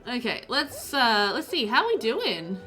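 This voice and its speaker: A woman's voice: fairly high pitch, wildly swooping pitch, a little slow, bright, forceful tone, soft background music. A woman chatting casually while streaming a game, reading chat aloud and laughing often.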